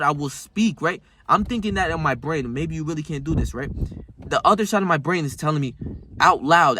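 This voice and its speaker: Rambling young man, voice a bit high. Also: pushed and bright, no echo. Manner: rambling, emphatic and profane, calls the viewer "bro". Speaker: self-improvement vlogger. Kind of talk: casual motivational monologue.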